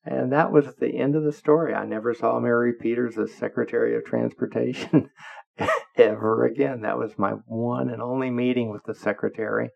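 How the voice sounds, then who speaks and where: Gravelly guy podcasting, swears, tells it blunt, kinda muffled lo-fi sound. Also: medium pitch, steady tone, normal speed, a little mellow. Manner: blunt, profane, laughs while telling. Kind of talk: anecdotal monologue. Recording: dull lo-fi audio.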